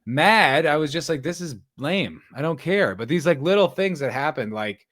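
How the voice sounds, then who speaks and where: A man's voice: fairly high pitch, expressive, moderate pace, a bit bright. Sarcastic rambling podcast host, a man. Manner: sarcastic, rambling, mocking quoted voices. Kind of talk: casual solo commentary.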